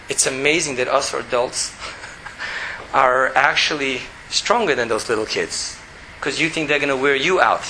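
A middle-aged man teaching a spoken Torah class, animated and repetitive, sometimes dropping to a quiet, even monotone. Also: medium pitch, unhurried. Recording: roomy echo with faint background noise.

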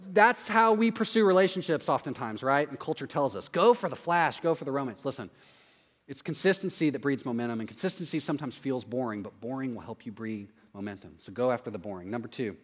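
A man in his thirties, a pastor giving a conversational sermon, acting out quotes with sudden loud yelps. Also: mid-range voice, animated, brisk. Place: church auditorium. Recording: long hall reverb, faint music.

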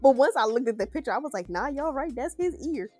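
A woman's voice: sits high, expressive, fast talker, crowd noise. A young adult woman co-hosting a podcast, talking in a playful, exaggerated way and laughing easily in casual chat. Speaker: podcast co-host.

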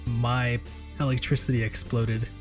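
A man co-hosting a podcast in easy, relaxed chat. He teases his partner with a dry humor and laughs along, and his voice sits at an ordinary middle pitch. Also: measured pace, music in the background. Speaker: podcast co-host.

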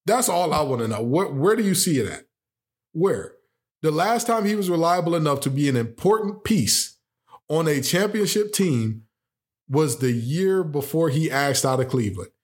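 A man hosting a sports talk show, giving opinionated commentary with animated rhetorical questions and sarcastic jokes. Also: on the high side, normal speed.

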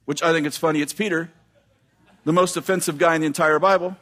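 A man preaching a sermon, reading scripture aloud and breaking off into quick, animated asides to the congregation. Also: a little high.

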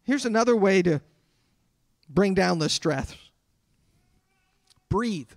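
A man delivering a sermon as a pastor, talking conversationally with dramatic pauses. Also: high voice, expressive, dry recording, clean studio sound. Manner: conversational preaching with dramatic pauses and acted quotes.

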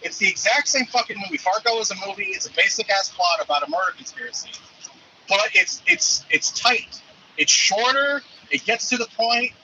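A man's voice: high voice, animated, fast, hardly any pauses, bright, forceful tone, dull audio, a little hiss or hum. A man calling in as the show's movie reviewer, talking casually and stumbling over repeated words, with some swearing. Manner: hesitant, repeats words, profane. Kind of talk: casual call-in chat.

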